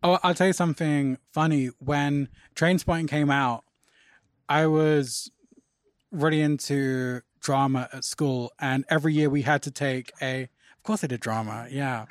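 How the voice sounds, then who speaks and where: Storytelling man, higher voice, dry sound. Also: moderate pace, no room sound. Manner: lively anecdotal storyteller, acts out quotes, swears casually. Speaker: podcast host. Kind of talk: casual chat, storytelling.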